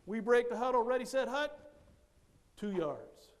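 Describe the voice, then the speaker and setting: High-voiced animated male storyteller. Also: unhurried. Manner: animated storyteller who acts out others' lines. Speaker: motivational speaker. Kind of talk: storytelling speech.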